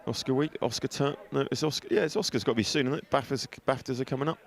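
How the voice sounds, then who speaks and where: Talking quickly in a creaky, mid-range voice, a man provides live football commentary from an outdoor stadium through a headset mic with an earpiece. He's chatty and jokey, laughs a lot and pokes fun at himself.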